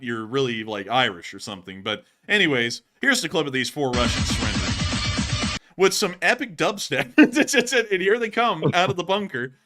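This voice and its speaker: A man's voice: medium pitch, sharp tone. A man from the United States hosting casual war news commentary, chatty and laughing often.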